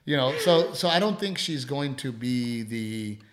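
Animated middle-aged man, chatty co-host. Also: mid-range voice, a little slow. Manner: animated, acts out quotes, swears freely. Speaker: podcast co-host. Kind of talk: casual chat.

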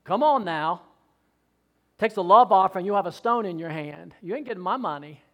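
A male preacher delivering a sermon with fervor, swinging between loud exhortation and quiet asides. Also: high-pitched, animated, normal speed.

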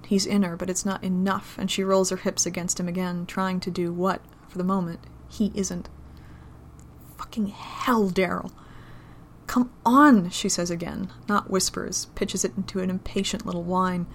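A woman reading an adult romance story aloud in a low, intimate, steady manner. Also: moderate pace, few pauses, slight background noise. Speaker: narrator.

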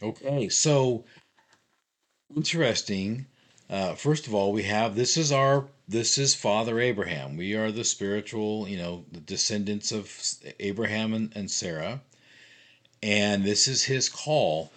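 A man co-hosting a casual Bible discussion podcast, playful and animated as he reads scripture aloud. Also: fairly low pitch, a little slow. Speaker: podcast co-host.

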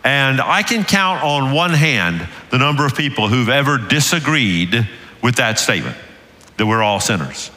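Older Southern pastor preaching with rising fervor. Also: male voice, medium pitch, big pitch swings, normal speed, sharp tone. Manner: earnest, building to emphatic peaks. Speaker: lead pastor. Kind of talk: sermon. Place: church sanctuary. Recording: reverberant church hall.

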